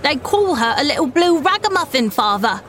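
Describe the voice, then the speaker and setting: A woman's voice: high voice, big pitch swings, a little slow, fairly bright tone, slight background noise, pitched above the performer's own voice, full character voice. A woman doing a fiery young boy. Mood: angry. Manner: eager, defiant. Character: indignant young boy, hot-tempered.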